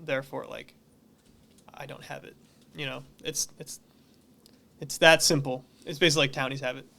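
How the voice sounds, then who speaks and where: A man's voice: mid-range voice, fairly even intonation, normal speed, gravelly, bright, forceful tone. A man from the Boston area, a musician guest on a podcast, talking casually in a rambling way with many fillers. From Massachusetts, near Boston.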